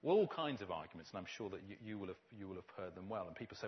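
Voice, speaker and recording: A man's voice: deep voice, expressive, very fast, few pauses, highs cut off. A man, a pastor giving a conversational preaching talk to a church audience, with wry humor and emphatic stresses.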